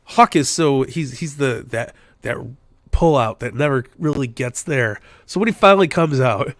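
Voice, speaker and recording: A man's voice: medium pitch, expressive, normal speed, dry recording, studio quality. Laid-back, cursing podcast guy. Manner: laid-back, swears freely. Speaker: podcast co-host. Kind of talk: casual wrestling podcast chat.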